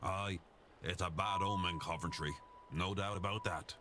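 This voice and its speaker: A man's voice: deep voice, fairly even intonation, normal speed, background noise, lightly acted. An actor playing a blunt, fatalistic man in a mystery game. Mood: grim.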